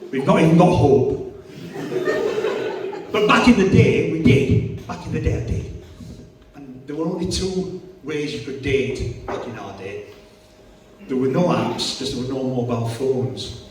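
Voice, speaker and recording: Middle-aged Yorkshire stand-up, crude and self-mocking, live club sound from a distance. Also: male voice, medium pitch, unhurried, pauses often, a little mellow. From Yorkshire, England. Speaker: stand-up comedian. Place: comedy club stage. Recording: echoey club from far off.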